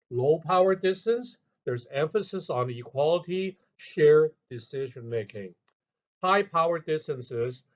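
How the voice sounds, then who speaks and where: A man narrating a scripted lesson in a measured way, reading out each heading with emphasis. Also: mid-range voice, highs cut off. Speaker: instructor.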